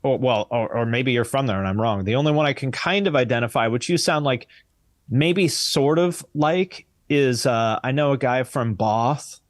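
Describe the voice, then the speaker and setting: A man's voice: mid-range voice, normal speed, no echo. Blunt, sardonic American man, dry sound. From United States. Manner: blunt, sardonic, swears casually. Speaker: podcast guest. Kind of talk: casual chat.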